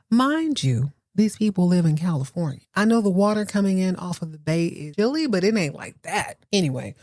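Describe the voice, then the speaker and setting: A woman's voice: on the low side, a little mellow, no echo, studio quality. A woman hosting a podcast, giving a comic recap of a soap opera with sassy, slangy asides. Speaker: podcast host. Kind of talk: comedic TV recap.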